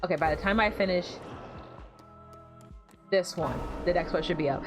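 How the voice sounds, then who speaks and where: A woman's voice: on the low side, normal speed, over music. A woman streaming a game with wry, joking commentary. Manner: wry, joking, sings silly bits. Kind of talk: casual gameplay commentary.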